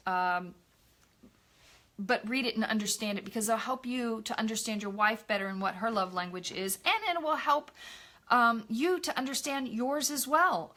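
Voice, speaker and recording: A middle-aged woman speaks on a live online broadcast with a high, bright voice. She shares personal stories in a candid, confiding way and stops to greet viewers by name. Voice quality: bright, expressive voice. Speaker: ministry host. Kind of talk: Facebook live talk.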